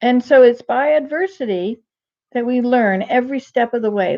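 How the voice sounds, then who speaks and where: An older woman talking casually on a live stream, rambling and digressive with many restarts, gentle and self-deprecating. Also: a little high, moderate pace, dull audio. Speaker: vlogger.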